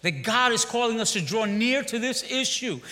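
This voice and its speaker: A man's voice: very high voice, animated, moderate pace, sharp tone. A man preaching a sermon as pastor, rousing his congregation with repeated refrains and calls to respond, in a large church. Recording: long church hall reverb.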